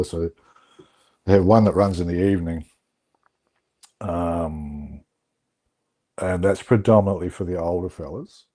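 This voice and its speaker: A middle-aged man, telling stories in a relaxed, reflective way on a video call. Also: deep voice, breathy edge. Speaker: guest. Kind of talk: casual storytelling on an online call.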